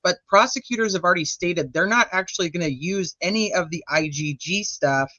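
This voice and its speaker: A man hosting a true crime live stream, chatting casually with guests and sending warm thanks to viewers over a video call. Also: sits high, a little fast, dry recording. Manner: chatty, rambling, affectionate sign-offs. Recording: dull dry lo-fi sound.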